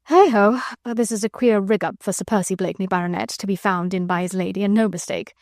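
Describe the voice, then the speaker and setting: A woman reads a lazy, affected gentleman from a storybook, drawling every word in a sleepy, good-humoured way. He sounds weak and worn out, yet amused. The recording is dry and close. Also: mid-range voice, fairly even intonation, fast, no echo, natural voice. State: weak and exhausted. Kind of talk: audiobook character reading.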